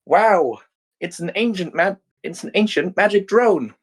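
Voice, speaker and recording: A bubbly young AI girl heroine from a fan story, high-pitched and full of squealing excitement, as a man puts her on. She stays upbeat and cocky even when facing down her rival. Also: normal speed. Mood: excited.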